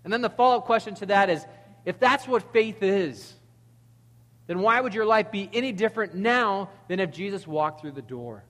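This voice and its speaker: A man preaching a sermon in a conversational, animated way, reading verses and acting out quotes. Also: sits high, moderate pace, big-room sound. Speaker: pastor.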